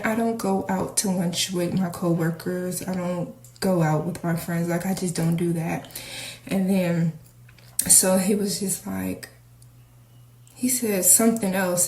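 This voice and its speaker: A woman casually telling a personal story to her viewers, candid and animated as she acts out the dialogue. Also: fairly low pitch, a little slow. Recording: echoey room, faint noise.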